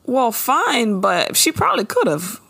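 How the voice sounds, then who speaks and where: A woman's voice: a little high, sing-song, unhurried, vocal fry, fairly bright tone, slightly rough, no room sound. A woman co-hosting a casual chat show, steering the talk and recapping an episode in a chatty, laughing way. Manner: chatty, laughing, leads the segments. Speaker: podcast co-host.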